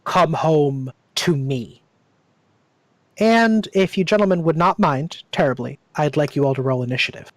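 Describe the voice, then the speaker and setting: Eerie female tree spirit, played by a man, slow polite menace. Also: a little high, no room sound, natural voice. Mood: coaxing. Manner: slow coaxing, oddly polite.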